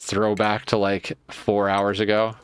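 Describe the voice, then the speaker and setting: A man streams a colony-building game, muttering casually to himself as he plans and fixes things. His fairly low voice is completely flat and unhurried, with a clean tone.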